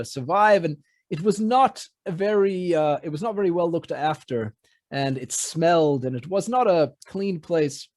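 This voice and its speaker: A rabbi telling a traditional story in a relaxed, conversational way, with frequent fillers and restarts. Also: male voice, on the high side, no echo. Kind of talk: oral storytelling.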